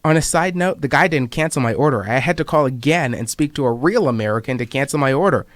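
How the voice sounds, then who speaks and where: A man's voice: mid-range voice, fast, no echo. A man in his twenties, a student writer, reading his own personal essays aloud with a wry, reflective manner. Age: 20s.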